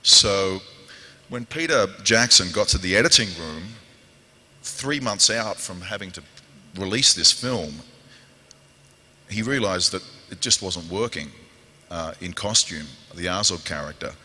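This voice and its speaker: A man with a New Zealand accent tells lively stories to a convention crowd, jumping into quoted voices and growls as he goes. His voice sits fairly low but comes across bright and forceful. A long hall reverb trails behind every line. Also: unhurried, pauses often. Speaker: actor on a convention panel. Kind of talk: animated storytelling to an audience.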